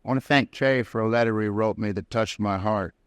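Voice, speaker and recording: Man, recovery speaker. Plain-spoken, folksy storyteller with a smooth, resonant voice. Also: on the low side, a little fast, no echo, clean studio sound. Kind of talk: personal recovery story told to a live audience. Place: prison hall.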